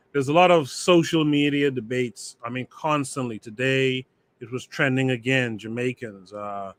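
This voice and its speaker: Male host, relaxed conversational delivery, moderates discussion. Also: mid-range voice. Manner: conversational, relaxed, reads from chat. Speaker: podcast host. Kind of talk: livestream podcast hosting.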